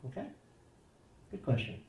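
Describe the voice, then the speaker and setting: A man's voice: a little slow, darkish tone, roomy sound, distant mic, rough recording. A man answering parenting questions in a conversational way, acting out little dialogues in changing voices. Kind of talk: conversational advice talk.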